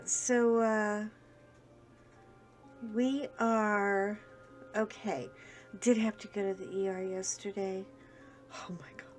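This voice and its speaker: A woman vlogger chatting casually to viewers while she works on a craft project, rambling along with self-deprecating humor. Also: medium pitch.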